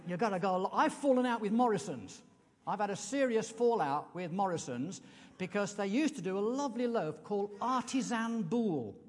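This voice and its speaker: A British man preaching a sermon in a chatty way, putting questions to the congregation. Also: high-pitched. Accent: British English. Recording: long hall reverb.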